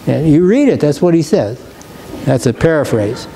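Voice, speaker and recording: A man's voice: on the high side, big pitch swings, normal speed, vocal fry, warm tone, a little hiss or hum, poor audio. A male pastor giving a sermon in a church, preaching emphatically and reading scripture with rising force. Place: church sanctuary.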